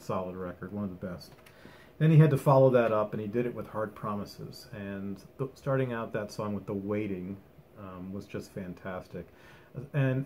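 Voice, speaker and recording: A man's voice: lowish voice, a little mellow, a little hiss or hum. A man giving a casual, rambling album review at home, enthusiastic and full of ums and restarts. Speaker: music vlogger.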